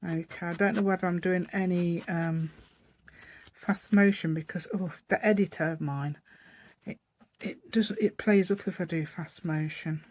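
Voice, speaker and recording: With a lowish, slightly mellow voice, fairly even intonation and a measured pace, a woman with an East Midlands English accent hosts a craft channel. She rambles and chats, thinking aloud as she shows a paper craft project step by step in a casual tutorial.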